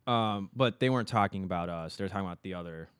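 A man in his twenties co-hosting a podcast, chatting casually and haltingly with lots of fillers and swearing. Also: low-pitched, fairly bright tone, clean tone, no room sound. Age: 20s. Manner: laid-back, halting with many fillers and swearing. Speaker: podcast co-host. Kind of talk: casual chat.

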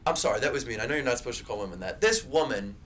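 A young man co-hosting a podcast, telling profane, rambling stories in casual chat with loud bursts. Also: medium pitch, lively intonation, rapid-fire, a little hiss or hum. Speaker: podcast co-host.

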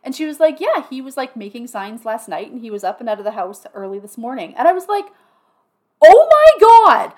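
A woman's voice: a little high, quick pace, few pauses. A woman co-hosting a podcast in casual chat, telling stories animatedly and acting out quotes with swearing. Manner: animated storyteller, acts out quotes loudly, swears. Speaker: podcast co-host. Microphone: podcast microphone.

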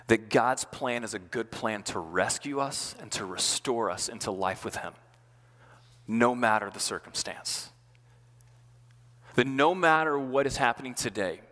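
A man preaching a sermon as pastor, chatty and casual, slowing down and dropping his voice to stress key words. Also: fairly bright tone. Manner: conversational preaching, slows and drops low for emphasis. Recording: long hall reverb.

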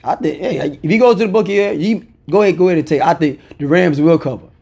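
A man's voice: a little high, fast talker, vocal fry, darkish tone, husky. A man talking through his weekly football betting picks in a casual, opinionated way, repeating phrases for emphasis. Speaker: sports picks commentator.

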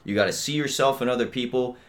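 A man's voice: medium pitch, fast, a bit bright. A young man hosting a podcast, ranting bluntly and swearing constantly, with lots of filler and "you know what I mean.". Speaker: podcast host. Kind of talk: casual rant.

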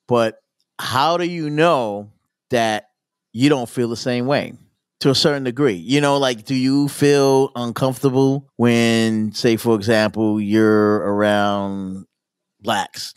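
A man hosting a podcast in casual chat, relaxed and laughing often, leaning on "you know". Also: lowish voice, clean tone, no room sound, studio quality. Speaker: podcast host.

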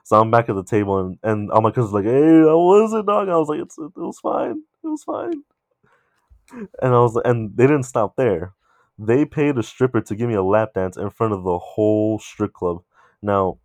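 A young man casually telling a long, animated story among friends, swearing freely. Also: fairly low pitch, no echo.

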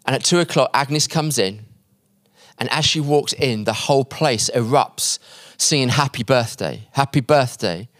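A male preacher telling a story in a sermon, acting out the quoted voices and dropping quiet and slow at the emotional points. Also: medium pitch, no echo, clean studio sound. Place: conference hall.

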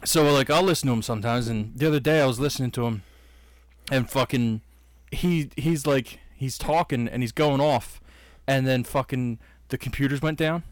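A man co-hosting a casual podcast, swearing constantly, laughing often and breaking into shouted sound effects. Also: mid-range voice, normal speed, dry recording. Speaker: podcast co-host. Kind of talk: crude casual banter.

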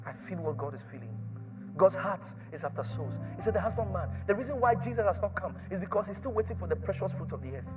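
A man with a high voice preaches a sermon, repeating his lines over and over. He drops to a near whisper, then rises to a shout. Soft music plays faintly underneath. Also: lively intonation, fast talker. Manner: repetitive, swings from hushed to shouting.

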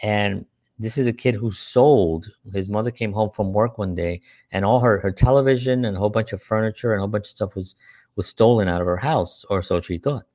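A man's voice: on the low side, brisk, darkish tone, no room sound, studio quality. A man who works with a church, telling earnest, rambling personal stories with many rhetorical questions. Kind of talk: personal storytelling talk.

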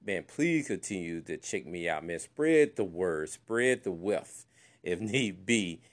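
A man's voice: deep voice, lively intonation, slow pace. A man hosting his own podcast, talking loosely and chatting away, with "man" in nearly every sentence. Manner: loose and chatty, says "man" constantly, many fillers. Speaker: podcast host. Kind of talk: casual solo podcast talk.

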